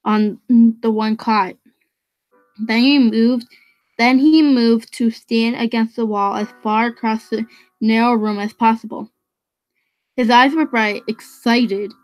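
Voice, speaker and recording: A woman's voice: on the high side, poor audio. A woman reading a novel aloud, often stumbling and restarting phrases. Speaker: reader.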